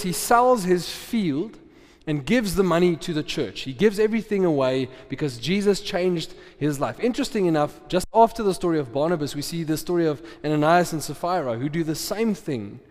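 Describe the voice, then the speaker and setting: A man preaching in a casual, chatty way, tossing questions at the congregation and laughing easily. His voice sits a little high for a man. A long reverb trails each phrase through the hall. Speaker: pastor. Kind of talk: sermon.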